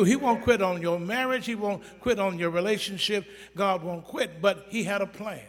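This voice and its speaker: A man preaching a sermon in a church, blunt and folksy, talking straight to the congregation and building to emphatic shouts. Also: sits high, normal speed. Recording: echoey church hall.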